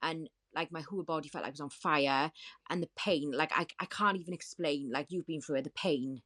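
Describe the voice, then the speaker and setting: A woman's voice: low-pitched, a little fast, fairly bright tone. A woman, a guest in a podcast interview, recounting a personal story vividly, repeating key points and quoting others as she goes. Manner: vivid, repetitive retelling with quoted dialogue.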